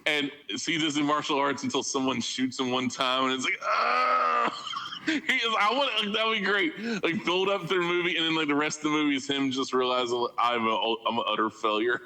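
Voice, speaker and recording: A man's voice: medium pitch, sharp tone, poor audio. A man co-hosting a podcast, talking in a loose, rambling comic way with frequent laughs and restarts. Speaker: podcast co-host. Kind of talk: casual comedic chat.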